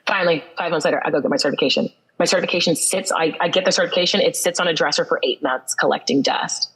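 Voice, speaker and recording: A woman's voice: low-pitched, quick pace, breathy edge, rough recording. A woman in her thirties, a guest in an interview, telling a personal story in an earnest, reflective way, often repeating phrases for emphasis.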